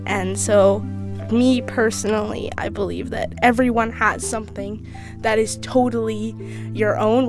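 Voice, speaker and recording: A sixteen-year-old girl answering interview questions candidly, thoughtful and a little halting, with restarts. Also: mid-range voice. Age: teens. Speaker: interview guest.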